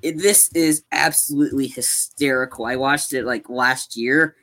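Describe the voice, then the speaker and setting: A man on a live-streamed podcast, talking casually and rambling about movies, acting out scenes with excitement. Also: medium pitch, normal speed. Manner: rambling, animated, acts out movie lines. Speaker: podcast co-host.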